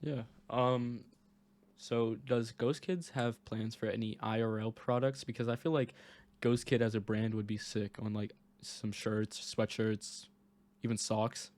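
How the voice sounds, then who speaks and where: A man's voice: lowish voice, fairly even intonation, measured pace, a little mellow. A man hosting a casual podcast interview over a voice call, laid-back and asking short questions. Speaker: podcast host.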